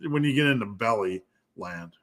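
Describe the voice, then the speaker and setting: Casual guy doing a live q&a on lifting and diet, chatty, jokes around, voice jumps high when he's teasing. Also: lively intonation, normal speed, a bit bright. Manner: loose, joking, thinks aloud with fillers. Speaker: strength coach and host.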